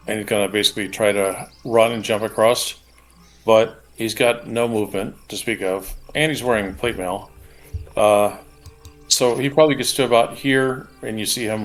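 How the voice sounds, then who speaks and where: Wry low-voiced man at a game table. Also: poor audio. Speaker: player. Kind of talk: tabletop role-play.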